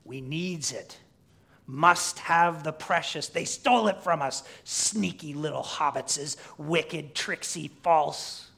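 A wretched male creature hisses and wheedles, spite in every word, as a preacher puts him on. The voice sits high and drags along slowly. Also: gravelly, pushed and bright, full character voice. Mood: spiteful. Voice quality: hissing, wheedling.

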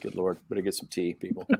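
A man's voice: on the low side, a little hiss or hum. A man hosting a casual album review who steers the talk and jokes at his own slips. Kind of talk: casual chat.

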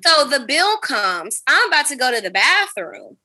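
Bright, animated woman telling a story. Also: high voice, normal speed. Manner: animated, profane, dramatic retelling. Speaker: podcast host. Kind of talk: casual storytelling chat.

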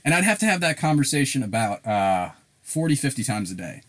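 A man talking on a casual podcast, his voice sitting at an ordinary middle pitch. He tells stories with energy and plenty of swearing. He keeps it loose and conversational. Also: a little fast. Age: adult. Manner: animated, profane storytelling. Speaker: podcast co-host.

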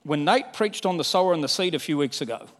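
An older man preaching a sermon as pastor, candid and animated, with humor and acted-out quotes. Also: fairly high pitch, quick pace. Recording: long hall reverb.

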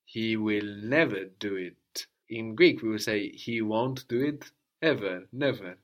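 A man's voice: lowish voice, unhurried. A man teaching a spoken language lesson, explaining patiently step by step and prompting a student to answer.

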